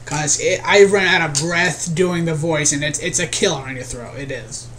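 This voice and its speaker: A man's voice: on the high side, normal speed, crowd noise. A young man giving a casual, rambling vlog update to his viewers, earnest and often restarting his sentences. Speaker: video creator.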